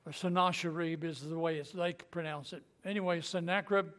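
A man's voice: on the high side, a little fast. A man teaching a Bible story in a folksy, conversational way, acting out the quotes and chuckling as he goes. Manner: folksy, animated retelling with acted quotes and chuckles.

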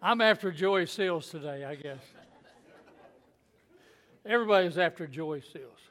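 High-voiced folksy male preacher. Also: measured pace, a bit bright. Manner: folksy, joking asides with chuckles. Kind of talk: sermon.

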